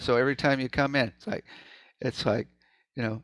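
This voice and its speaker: A man of middle pitch presents in a relaxed, conversational way, often breaking into chanted syllables and hums to demonstrate. The sound is close and dry, with no room echo. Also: fairly quick, pauses often. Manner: loose and conversational, many "right?" asides. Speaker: presenter at a sound healing meeting. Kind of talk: informal presentation.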